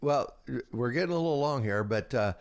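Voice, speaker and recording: A man hosts a sports talk podcast in an easy, chatty way, swapping stories with his guest. His voice sits in a middle pitch and sounds friendly. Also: lively intonation, clean tone. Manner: friendly, chatty, quick to laugh along. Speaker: podcast host. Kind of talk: casual sports interview.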